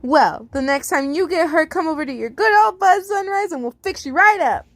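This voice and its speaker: A bubbly male robot who looks after children, fussing over them in a sing-song, doting voice, as a woman reads him aloud. The voice sits fairly high and bounces with playful lilts. It is an amateur fan-fiction reading. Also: animated, a little fast, dry recording. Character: cheerful male sun-faced daycare robot caretaker.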